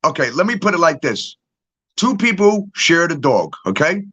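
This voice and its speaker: A man's voice: a little high, big pitch swings, normal speed, pushed and bright, slightly rough. A middle-aged man in a casual, profane ranting monologue, bluntly laying out his theory and keeping on asking "okay?". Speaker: true-crime commentator. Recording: dull lo-fi audio.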